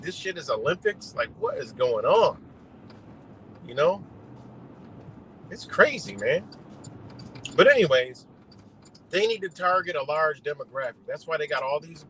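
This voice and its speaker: A man's voice: a little high, a bit bright, slight background noise, poor audio. A man doing a rambling, profane political rant on a livestream, talking outdoors beside a road. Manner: heated, rambling, heavy swearing. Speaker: livestream host.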